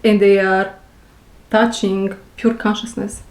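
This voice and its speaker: An intuitive reader who speaks English as a second language gives a spiritual reading to her viewers, talking slowly, repeating phrases and searching for words. Her mid-range voice keeps a level tone in an echoey room.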